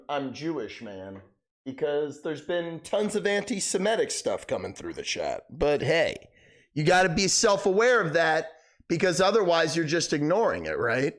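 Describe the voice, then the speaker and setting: A young man hosting a live stream, chatting casually and rambling, swearing a lot, his voice cracking. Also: on the high side. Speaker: livestream host.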